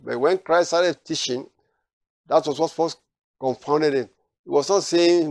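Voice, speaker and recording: A man preaching a sermon, repeating phrases and swinging from quiet asides to loud, emphatic declarations. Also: mid-range voice, moderate pace, no echo, clean studio sound.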